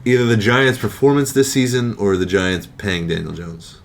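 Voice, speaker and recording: A man's voice: fairly low pitch, animated, moderate pace, gravelly, slight background noise. A young man co-hosting a casual sports podcast, wry and grumbling about his team. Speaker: podcast co-host.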